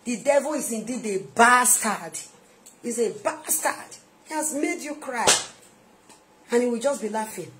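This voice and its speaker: A woman minister with a Nigerian accent, preaching an emphatic sermon-style video message that repeats its points and swings between soft asides and loud outbursts. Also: a little high, lively intonation, measured pace, long pauses, heavy background noise.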